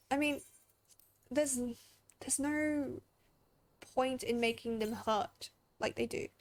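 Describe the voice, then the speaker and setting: A woman with an English accent and an Australian twang, chatting emotionally and laughing while streaming a game. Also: on the high side. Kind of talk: casual gaming commentary.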